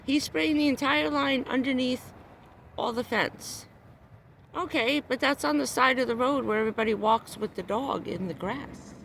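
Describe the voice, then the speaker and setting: A woman's voice: sits high, moderate pace, gravelly, a bit bright, slight background noise. A woman on a livestream, ranting in a heated, profane, repetitive way, upset and near tears, talking from a parked car. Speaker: vlogger. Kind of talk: angry livestream rant.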